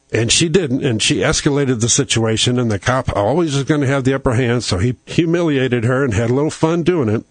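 A man's voice: medium pitch, husky, dry recording. A man hosting a talk show, telling a long rambling story in a casual way. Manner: rambling storyteller who acts out quoted lines.

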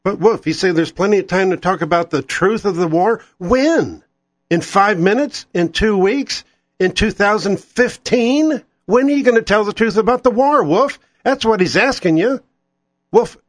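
A man's voice: high voice, moderate pace, dry recording. Angry ranting talk radio man. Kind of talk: political talk radio rant.

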